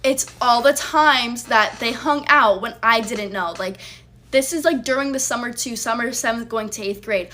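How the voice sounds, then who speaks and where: A woman's voice: on the high side, moderate pace, sharp tone, a little hiss or hum. A woman telling a personal story in a casual storytime vlog, blunt and heated, swearing freely as she recounts it. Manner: blunt, profane, heated retelling.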